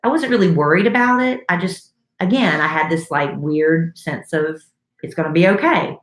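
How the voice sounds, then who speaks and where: A middle-aged woman and radio co-host, telling a story in a chatty, animated way in casual talk. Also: low-pitched, moderate pace. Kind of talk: casual chat. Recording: echoey room.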